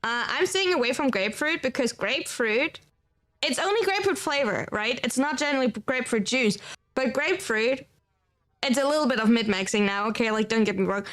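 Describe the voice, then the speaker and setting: A woman's voice: a little high, lively intonation, fairly quick, fairly bright tone. A woman from Germany with a German accent, streaming and chatting casually, rambling and filling her talk with "like" as she answers chat. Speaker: livestreamer.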